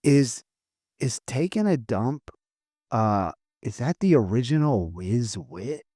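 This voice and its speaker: A man's voice: mid-range voice, very animated, takes it slowly, dark tone, no room sound, clean studio sound. A man with a Philadelphia accent co-hosting a podcast, joking and swearing in casual banter. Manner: joking, swearing, easily laughing. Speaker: podcast co-host.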